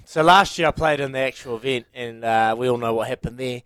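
A man's voice: medium pitch, a little fast, a bit bright, clear, resonant tone, dry recording. A man co-hosting a radio show, telling a rambling, self-proud story in casual banter. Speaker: radio co-host.

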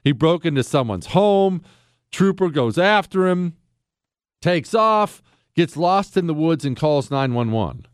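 Lively sarcastic radio host from Pittsburgh. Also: male voice, on the high side, unhurried, smooth, no echo, studio quality. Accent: Pittsburgh area. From Ohio, near Pittsburgh. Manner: sarcastic, joking, animated. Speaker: radio talk show host. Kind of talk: casual radio talk show banter.

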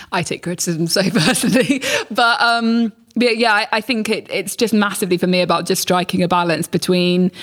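A woman's voice: medium pitch, moderate pace, a bit bright. A woman talking candidly as a podcast guest, rambling and emphatic, swearing freely.

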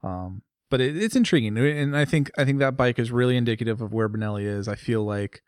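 A man's voice: mid-range voice, brisk, smooth, no echo, studio quality. A man co-hosting a motorcycle podcast in casual, rambling chat. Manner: rambling, chatty, laughs often. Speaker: podcast co-host.

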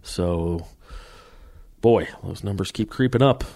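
A man co-hosting a podcast in casual chat, talking in a conversational way and giving a quick news update. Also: low-pitched, gravelly, dark tone. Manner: conversational, gives quick news updates, many affirming murmurs. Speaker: podcast co-host.

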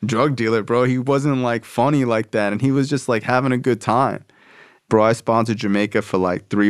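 A man's voice: mid-range voice, smooth, no room sound, clean studio sound. A man casually telling his recovery story, slangy and profane, full of "like" and "bro".

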